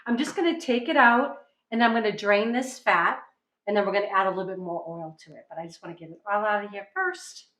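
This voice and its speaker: Bright, chatty woman cooking at home. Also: mid-range voice, a little fast, reverberant, rough recording. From New England, USA. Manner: chatty, upbeat, keeps asking "right?". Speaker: cooking show host. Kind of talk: casual cooking demonstration. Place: home kitchen.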